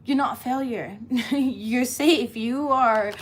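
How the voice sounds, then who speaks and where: A woman's voice: fairly high pitch, slow, a little hiss or hum. A woman giving a casual tarot reading, chatty and laughing often, cussing freely as she talks. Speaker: tarot reader.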